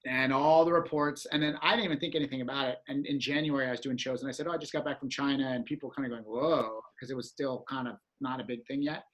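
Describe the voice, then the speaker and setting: A man telling a story in casual chat, animated and acting out reactions with exclamations. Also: medium pitch, very fast, few pauses, highs cut off.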